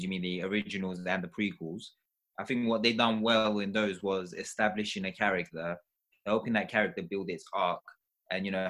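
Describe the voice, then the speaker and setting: Bright, husky-voiced man ranting. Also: low voice. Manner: animated ranting, gets loud when annoyed. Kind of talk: casual chat.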